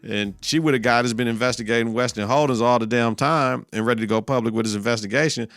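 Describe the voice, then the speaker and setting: This medium-pitched male podcast host speaks quickly over clean, dry studio sound. He walks through a TV episode with a profane, animated looseness, performing the characters' quotes in different voices.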